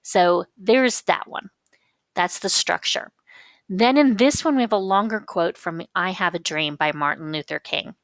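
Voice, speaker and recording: A woman teacher explaining figures of speech patiently, reading quotations slowly and with emphasis. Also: lowish voice, a bit bright, no room sound. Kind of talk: recorded lecture on figures of speech.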